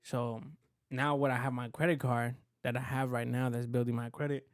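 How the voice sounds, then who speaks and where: A man's voice: medium pitch, level tone, normal speed, dry recording, studio quality. A man in casual podcast chat, rambling and profane, restarting his sentences as he tells a story. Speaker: podcast co-host.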